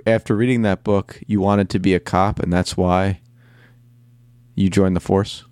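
A man co-hosting a casual movie podcast, talking in a relaxed, joking way. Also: low-pitched, a little slow, clean tone, no room sound. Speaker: podcast co-host.

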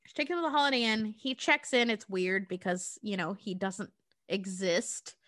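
A woman co-hosting a podcast, retelling a movie plot in casual, profane, animated storytelling. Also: mid-range voice, moderate pace, dry recording, clean studio sound. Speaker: podcast co-host.

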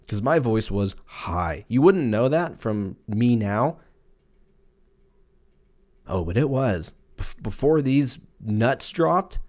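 Male, 30s, podcast host; rambling, cursing, animated delivery. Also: mid-range voice, takes it slowly. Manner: profane, rambling, jokey, puts on silly voices for quotes. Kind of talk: casual solo podcast rant.

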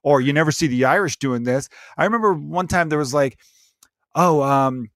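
Casual dude rambling and swearing on a podcast, dry close mic. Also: male voice, a little high, fast talker, a bit bright, no echo. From Chicago's South Side, USA. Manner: rambling, profane, acts out quotes in voices. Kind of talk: casual comedic chat.

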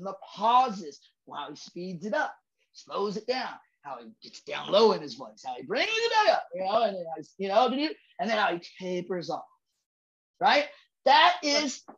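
A male comedian guest on a podcast, talking in a profane, emphatic way, building rhythm and bursting into shouts for emphasis. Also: very high-pitched, lo-fi sound. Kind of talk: casual podcast chat.

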